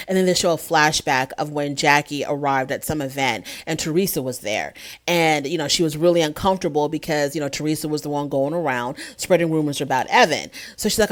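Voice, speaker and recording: A woman's voice: low-pitched, quick pace. A woman giving a casual, opinionated recap of a reality show episode, chatting freely and acting out what the cast members said.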